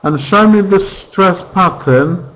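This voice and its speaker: A male English teacher leads an online vocabulary lesson. His voice sits a little high, and he speaks slowly and patiently, drilling each word and its stress pattern. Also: fairly bright tone, low-quality recording. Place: virtual classroom.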